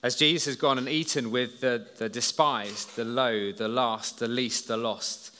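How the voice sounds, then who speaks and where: Male preacher, animated storyteller, bright tone, echoing church hall. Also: mid-range voice, a little slow, slight background noise. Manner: lively, storytelling, talks to listeners as "you". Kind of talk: children's talk sermon. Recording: long hall reverb.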